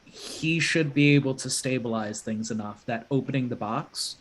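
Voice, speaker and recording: A man discusses plans with fellow players during a tabletop roleplaying game. He talks them through aloud in an animated, thoughtful way. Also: medium pitch, normal speed.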